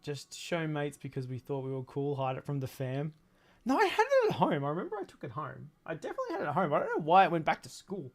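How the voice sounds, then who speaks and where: Male streamer, 30s, slightly high pitch, loose and crude, laughs a lot, off-the-cuff chat while building. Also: huge pitch swings, fast talker. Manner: rambling, crude and joking, laughs often. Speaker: streamer building a toy kit. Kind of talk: casual livestream chat.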